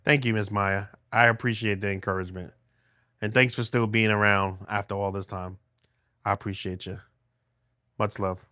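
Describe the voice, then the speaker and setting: A man's voice: fairly low pitch, fairly even intonation, normal speed, long pauses, pushed and bright, no room sound, studio quality. A middle-aged man livestreaming from a phone held in his hand at home, chatting with viewers in a rambling way with many restarts. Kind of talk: casual livestream chat with viewers.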